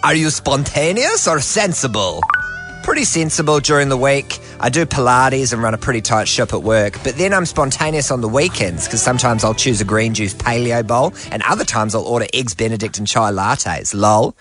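A man's voice: medium pitch, animated, normal speed, fairly bright tone, soft background music, close to an everyday voice. A man putting on flirty dating-app suitors. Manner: reading out chat messages in playful suitor voices.

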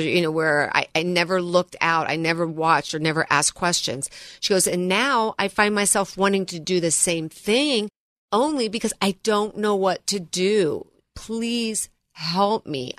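A woman financial advisor co-hosts a radio show, talking earnestly and telling stories about her clients. Her voice sits at a middle pitch. The studio sound is dry and close. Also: a bit bright, no echo. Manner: earnest, storytelling, addresses co-host by name.

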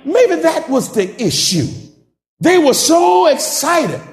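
High-voiced fervent preacher man. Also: very animated, takes it slowly, roomy sound. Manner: fervent, calls out to the congregation, rising to shouts. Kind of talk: sermon.

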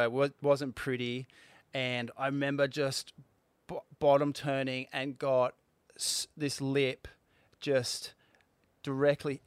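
A man in his forties, a former pro surfer, telling a story in a halting way, with restarts and fillers. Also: mid-range voice, smooth, dry recording. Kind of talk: casual interview storytelling.

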